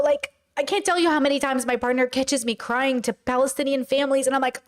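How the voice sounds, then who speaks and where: A woman's voice: high-pitched, fairly even intonation, fast, few pauses. A woman livestreaming, reading a text aloud and reacting with emotional, exclaiming commentary. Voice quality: tearful at times. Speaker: streamer reacting to a video.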